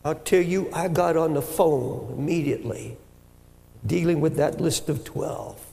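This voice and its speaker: An older man preaching with fervor, his voice pitched high and rough with fry. He stumbles over repeated words, then builds to full shouts. The sound rings through a large hall with a long echo. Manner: impassioned, rising to shouts, halting repetitions. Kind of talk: sermon. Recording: echoey hall with long reverb.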